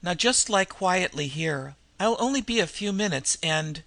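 A man voicing an earnest young woman heroine who speaks in a gentle, soothing way. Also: high voice, expressive, unhurried, dry recording, full character voice.

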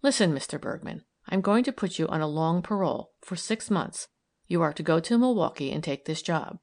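A woman voicing a brisk, kindly woman parole officer who talks firmly and encouragingly. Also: on the low side, lively intonation. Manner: firm, crisp and encouraging.

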